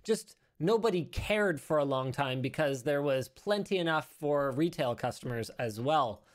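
A man's voice: fairly high pitch, lively intonation, normal speed. A male show host talking through tech news in a casual, rambling way, correcting himself and adding joking asides.

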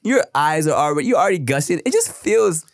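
Man chatting casually, slightly rough throat. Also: fairly high pitch, very animated, fast, dry recording, clean studio sound. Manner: swearing, storytelling, playful. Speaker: podcast co-host. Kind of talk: casual chat.

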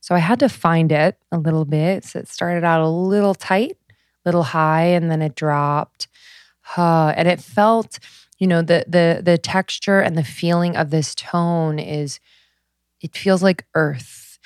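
A woman with a low, unhurried voice that is smooth and clear. She guides listeners gently, in a reflective, soothing way. The recording is dry and close to the mic. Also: no echo. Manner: gentle, slow and soothing, demonstrating vocal tones. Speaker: podcast host. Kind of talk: reflective spiritual guidance.

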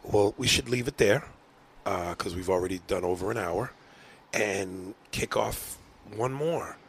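A man's voice: lowish voice, a little slow, a little hiss or hum. A man hosting a comedy podcast, wrapping up in loose, joking banter. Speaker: podcast host. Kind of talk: casual comedy podcast chat.

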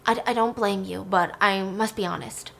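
A woman voicing a guilt-ridden older male tycoon, halting and pleading as he confesses. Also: medium pitch, gravelly, fairly bright tone. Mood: anguished.

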